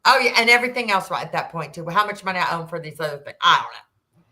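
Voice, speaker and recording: A woman in her sixties, a podcast guest, telling a personal story in an animated way and acting out the dialogue. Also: on the low side, fast. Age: 60s. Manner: animated, acts out quoted dialogue, rambling restarts.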